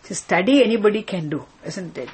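A woman's voice: mid-range voice, lively intonation, a little fast, a little mellow, breathy edge. A woman teacher explaining a scripture text word by word, patiently repeating terms and checking with her students.

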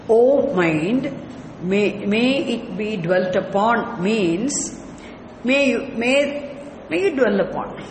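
Slow, patient scripture teacher in an echoey hall. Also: medium pitch. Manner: patient, asks the class rhetorical questions. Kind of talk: explanatory lecture. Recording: echoey hall with faint ambient noise.

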